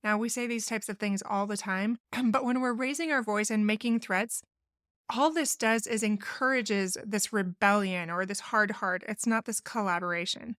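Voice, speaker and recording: Woman, podcast host, therapist, earnest, instructive, mid-range pitch, dry close mic. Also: normal speed, fairly bright tone, smooth, dry recording. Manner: earnest, instructive, acts out sample phrases. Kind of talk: solo podcast advice talk.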